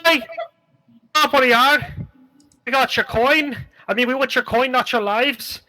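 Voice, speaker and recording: A man voicing a male highway bandit who calls out demands in a raised, bossy, slightly bumbling way. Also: measured pace, pushed and bright, heavily acted, poor audio. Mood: demanding.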